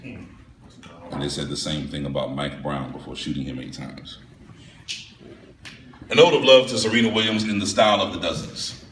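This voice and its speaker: A man's voice: very deep voice, steady tone, normal speed, pauses often, a bit bright, recorded from a distance. Male spoken word poet, live set, rhythmic and dramatic; echoey room, faint noise. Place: live venue with audience.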